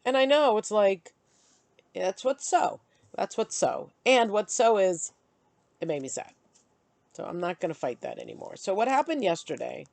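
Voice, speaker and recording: Middle-aged woman vlogging, chatty venting story, super lively up and down, dry close sound. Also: mid-range voice, normal speed, vocal fry, no room sound. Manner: chatty, animated, vents frustration. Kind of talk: casual storytelling to camera.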